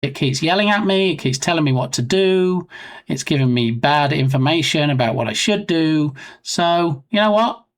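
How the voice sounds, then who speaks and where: A man's voice: on the high side, animated, moderate pace. A man chatting casually on a live game development stream, rambling and self-mocking.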